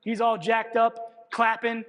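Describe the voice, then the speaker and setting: At a lecture hall during a coaching clinic, a male football coach presents a film breakdown, and the recording carries long hall reverb. His voice is high-pitched and his pace slow. He tells stories animatedly and keeps checking in with "all right."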